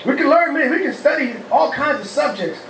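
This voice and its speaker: High-voiced New rabbi preaching. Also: male voice, lively intonation, fairly quick, slight background noise. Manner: asks the congregation questions and shouts praise. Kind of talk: lively call-and-response sermon. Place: humid, warm house of worship. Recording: echoey hall, mic far off.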